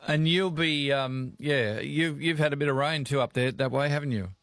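The voice here is on the high side with a fairly bright tone, at normal speed and recorded dry. He's an Australian radio host having friendly, easygoing talkback chats with callers, throwing in "mate" and "reckon."

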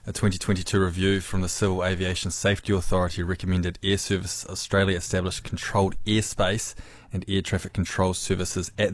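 Brief: New Zealand man, radio newsreader, very low voice, dry studio sound. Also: no echo. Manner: steady news read with casual asides. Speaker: news presenter. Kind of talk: reading news headlines on radio. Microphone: studio microphone.

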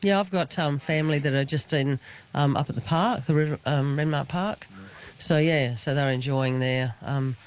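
A man chats outdoors, stopping often with ums and starting his sentences over. His voice sits a little high for a man. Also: moderate pace. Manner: hesitant, full of ums and restarts. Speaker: local man chatting with the host. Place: outdoors in a park.

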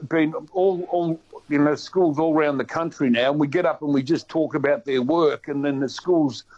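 An Australian man chatting on the radio, with a slightly high voice that keeps restarting its sentences in lively bursts. The sound is dull and lo-fi. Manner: chatty and animated, with many restarts. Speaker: guest. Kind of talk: casual radio chat.

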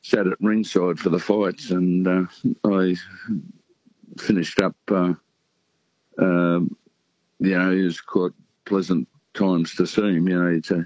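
A man in his sixties with an Australian accent, calling in to a radio show and talking relaxed and rambling, with many pauses. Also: low voice, no echo. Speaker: caller. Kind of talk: casual phone chat. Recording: dull phone-in line.

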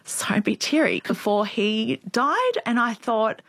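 A woman's voice: fairly high pitch, expressive, measured pace, gravelly, dry recording. Earnest, reflective woman, dry close sound. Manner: earnest and reflective, quietly emotional. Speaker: interview guest. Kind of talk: personal storytelling in a conversation.

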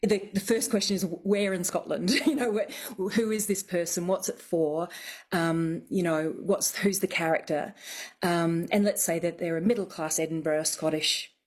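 Woman dialect coach, lower register, calm and methodical. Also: normal speed. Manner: methodical, explains step by step. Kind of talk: explanatory radio chat.

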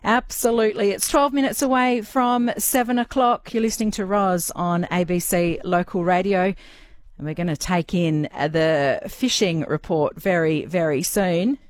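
A woman's voice: fairly low pitch, moderate pace, dry recording. An Australian woman hosting a morning radio show, chatty and upbeat as she talks with a guest. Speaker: radio host. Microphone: studio mic.

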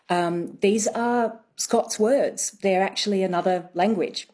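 A woman accent coach, a guest on a radio show, explaining things in a measured way with frequent ums. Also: lowish voice, fairly even intonation, a little mellow.

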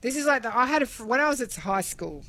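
A woman, chatting as a radio co-host, lively and opinionated. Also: a little high, fast talker. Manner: lively, opinionated, laughs easily. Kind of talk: casual chat.

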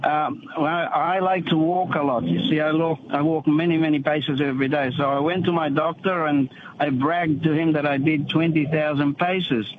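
An older Australian man calling a radio show, telling a story in a halting, rambling way. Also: fairly high pitch, steady tone. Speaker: caller. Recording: tinny noisy phone line.

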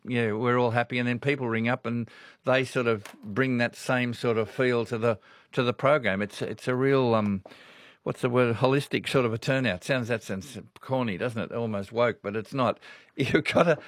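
An older Australian man hosting a radio talkback show, chatting warmly and laughing often between folksy stories. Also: medium pitch, dry recording, studio quality. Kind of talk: casual talkback radio chat.

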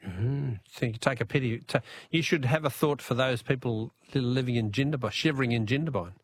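A man's voice: medium pitch, brisk, slight background noise. A man with an Australian accent hosting a radio quiz, chatty and jokey, laughing often. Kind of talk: casual radio talkback.

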